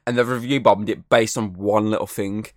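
A man's voice: on the low side, steady tone, normal speed, no echo, clean studio sound. A man co-hosting a podcast, talking in a loose, rambling way that is full of fillers and swearing. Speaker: podcast co-host. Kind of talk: casual chat.

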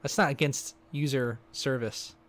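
A man's voice: medium pitch, steady tone, measured pace, fairly bright tone. A man co-hosting a casual movie podcast, joking around and rambling, often trailing off mid-thought. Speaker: podcast co-host. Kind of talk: casual banter.

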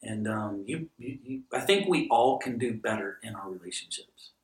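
A man's voice: lowish voice, moderate pace. A middle-aged man, a guest pastor, telling stories in a podcast conversation and acting out the dialogue. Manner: animated storyteller who acts out dialogue. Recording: roomy sound from a distant mic.

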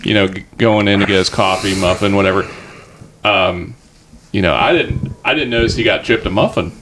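Man, fairly low voice, explanatory, trivia facts, casual podcast chat, faint hiss. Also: fairly quick. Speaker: guest.

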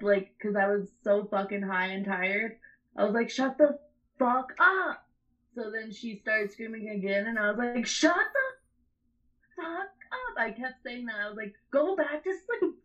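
A woman's voice: mid-range voice, fairly bright tone, lo-fi sound. A young adult woman telling a story in casual chat, rambling and swearing, often breaking into laughter.

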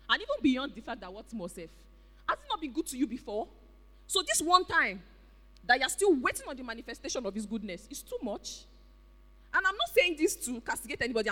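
A preacher with a Nigerian accent delivering an animated, exclamatory sermon in a church hall. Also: medium pitch. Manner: animated, exclamatory, with pidgin interjections. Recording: reverberant hall.

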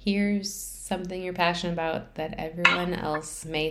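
A woman's voice: fairly low pitch, fairly even intonation, normal speed, a little hiss or hum. A woman co-hosting a casual podcast chat, wry and laughing often. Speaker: podcast co-host.

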